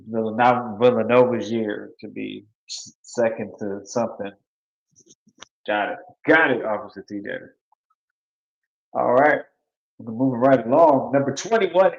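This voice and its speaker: Guy hosting a sports picks show, loose and playful, kinda echoey and muffled sound. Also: medium pitch. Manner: loose, playful, repeats words and trails off. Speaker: sports talk show host. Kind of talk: casual live sports chat, reading viewer picks.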